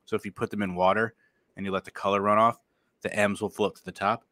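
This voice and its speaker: A man co-hosting a podcast in casual chat, loud and excitable, laughing and swearing often. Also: on the low side, fast talker. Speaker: podcast co-host.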